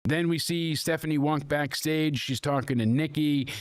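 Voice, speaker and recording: A man's voice: a little high, steady tone, normal speed, dry recording, studio quality. A man hosting a casual wrestling recap podcast, talking in a rambling, conversational way with plenty of fillers. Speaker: podcast host.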